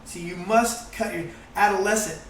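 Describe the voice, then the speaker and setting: High-voiced animated man, echoey room. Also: moderate pace, distant mic, slight background noise. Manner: animated, swears freely, acts out quoted voices. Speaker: guest, course founder. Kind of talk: casual group conversation.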